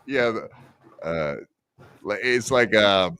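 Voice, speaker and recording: A man's voice: fairly low pitch, expressive, slow, bright, forceful tone, clear, resonant tone. A man co-hosting a podcast, making crude jokes in casual chat with plenty of uh fillers. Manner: crude, joking, hesitant fillers. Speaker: podcast co-host.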